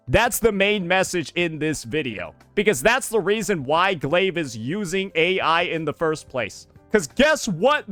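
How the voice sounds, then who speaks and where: Guy ranting in a reaction video, bright sharp voice, swearing and exasperated. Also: high voice, no room sound. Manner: profane, exasperated, heated. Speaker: reaction commentator.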